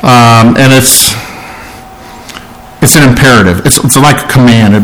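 A man's voice: medium pitch, normal speed, pauses often, fairly bright tone, slight background noise, low-quality recording. A male pastor preaching a sermon, explaining scripture verse by verse with emphatic points and questions to the congregation.

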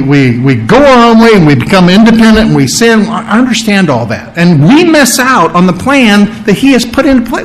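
A male pastor delivering a sermon with a somewhat high-pitched voice. He talks to his congregation in a plain, conversational way, circling back on his phrases and asking them questions as he goes. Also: low-quality recording.

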